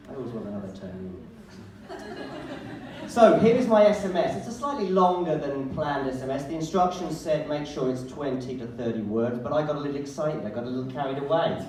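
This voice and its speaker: Self-mocking stand-up comic in a roomy venue. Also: male voice, medium pitch, a little mellow, a little hiss or hum. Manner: self-mocking, dry asides to the crowd. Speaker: stand-up comedian. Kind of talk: stand-up comedy set. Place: live comedy venue. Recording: roomy live stage sound from a distance. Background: audience laughter and room ambience.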